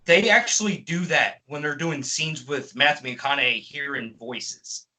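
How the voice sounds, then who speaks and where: A man's voice: on the high side, unhurried, bright, forceful tone, rough recording. A man giving a profane, exasperated ranting movie review as a film reviewer.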